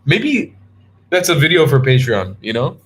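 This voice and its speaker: A man's voice: medium pitch, big pitch swings, unhurried, fairly bright tone, slight background noise. A tired young man casually chatting on a live stream, rambling and restarting as he answers viewer comments. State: tired and yawning. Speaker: travel vlogger answering live chat.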